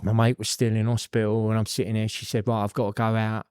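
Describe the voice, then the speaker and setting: A man's voice: fairly low pitch, level tone, quick pace, darkish tone, smooth, no echo, clean studio sound. Blunt sweary man telling his story. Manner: blunt, sweary storytelling with lots of "you know". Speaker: podcast guest. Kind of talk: candid personal story.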